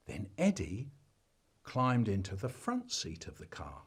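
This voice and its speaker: A man telling a comic family story, swinging between deadpan asides and loud bursts. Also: fairly low pitch, measured pace.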